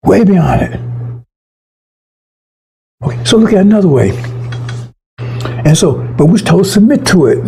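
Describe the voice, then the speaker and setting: A man's voice: sits high, very animated, unhurried, creaky, pauses often, warm tone, slight background noise, rough recording. A man preaching an informal, fiery sermon to his congregation, emphatic and profane, often stumbling and restarting his words.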